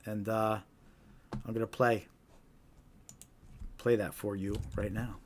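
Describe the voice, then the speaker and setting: A man's voice: lowish voice, little pitch movement, takes it slowly, very noisy. A man hosting a live stream, explaining things casually and often asking "right?". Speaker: host.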